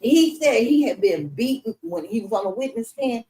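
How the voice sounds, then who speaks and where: A woman's voice: fairly high pitch, lively intonation, moderate pace, warm tone, low-quality recording. A middle-aged woman from Los Angeles telling her life story in a casual interview, cursing freely and acting out the voices of the people in it. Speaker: interview guest.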